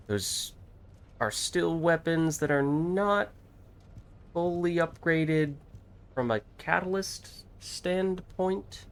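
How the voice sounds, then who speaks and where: A man in casual gameplay chat as a streamer, thinking aloud and laughing often. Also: on the low side. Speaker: gaming streamer.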